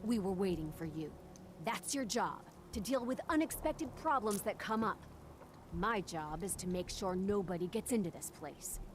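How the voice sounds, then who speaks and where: A woman plays a hard-nosed female guard in a game, curt and unwelcoming. Her voice sits mid-range, with clear noise behind it. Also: mid-range voice, animated, normal speed, natural voice. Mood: stern. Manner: curt, stern.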